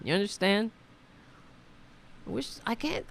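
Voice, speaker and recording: A woman hosting a casual livestream from her home, speaking unhurriedly with a gravelly, fry-edged voice. She rambles and swears freely while talking straight to her viewers. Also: medium pitch, lively intonation, unhurried, long pauses. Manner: profane, rambling, talks to her audience directly. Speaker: host of a political talk livestream.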